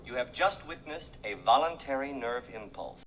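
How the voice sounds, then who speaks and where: An actor playing a prim, high-strung young surgeon with precise diction who bursts into shouting fits, in a 1970s film comedy. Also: male voice, animated, moderate pace, lo-fi sound, a little hiss or hum, close to an everyday voice. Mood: lecturing. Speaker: lecturing professor.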